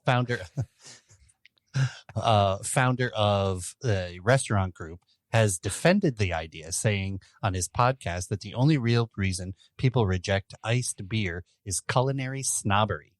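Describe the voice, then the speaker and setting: A man co-hosting a casual podcast chat, presenting the beer news in a relaxed, amused way. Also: lowish voice, takes it slowly, no echo, clean studio sound.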